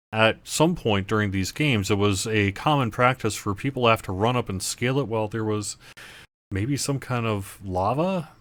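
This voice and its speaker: A man's voice: lowish voice, fairly bright tone, no echo. A man acting as game master, narrating a tabletop game over voice chat in a hesitant way with many fillers.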